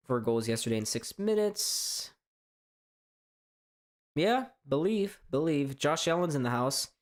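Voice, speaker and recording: A man from hosting a live sports reaction stream, chatting casually in a strained, hoarse voice, rambling and stammering through restarts. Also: fairly high pitch, lively intonation, slow, pauses often. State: voice straining from shouting. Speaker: sports fan livestream host.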